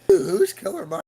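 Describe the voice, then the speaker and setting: A man's voice: extremely high pitch, gravelly, heavy background noise. A man hosting a livestream from home, ranting in a profane, agitated, rambling way. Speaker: livestream host. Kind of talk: casual livestream rant.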